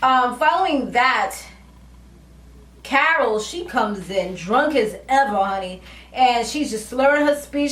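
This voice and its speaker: Animated woman recapping a TV episode. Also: high voice, takes it slowly. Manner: animated storytelling, slangy, acts out characters' lines. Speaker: TV recap vlogger. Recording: roomy, distant from mic, faint ambience.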